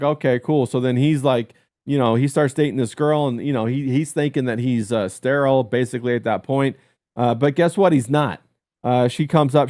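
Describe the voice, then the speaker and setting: A man's voice: medium pitch, darkish tone, no room sound, clean studio sound. A man hosting a podcast, telling a story in a crude, rambling way with lots of "uh" and "like". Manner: crude, storytelling rant with frequent fillers. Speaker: podcast host. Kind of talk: casual podcast chat.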